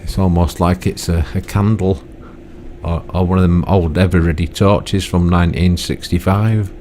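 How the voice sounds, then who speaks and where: A man's voice: low-pitched, fairly even intonation, moderate pace, warm tone, slight background noise. An older man giving rambling, chatty commentary on his own gameplay, full of tag questions and self-mocking asides. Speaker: gaming YouTuber.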